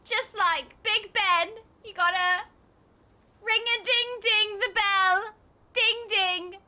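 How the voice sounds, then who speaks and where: A woman puts on a cheery mock-posh British lady for a casual game stream, pitched high with a bright, sparkling tone. The over-the-top British accent comes out sing-song and playful. Every phrase sounds like a giggling send-up of a posh goodbye. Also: steady tone, takes it slowly, full character voice. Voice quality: exaggerated put-on British accent.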